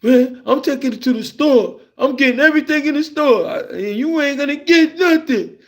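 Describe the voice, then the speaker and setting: A man's voice: extremely high pitch, lively intonation, normal speed, voice pushed up. A man voicing a young boy from his childhood, bossy and taunting as he bargains.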